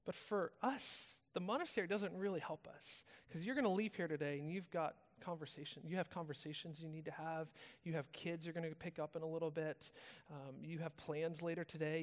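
High-voiced American man preaching in a hall. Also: a little fast. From United States. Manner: casual storytelling, conversational. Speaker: pastor. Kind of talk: sermon. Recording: long reverb of a large hall.

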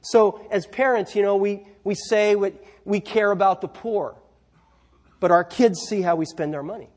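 A man's voice: sits high, moderate pace, darkish tone. A man preaching a sermon in a church, conversational, with asides and rhetorical questions. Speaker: pastor.

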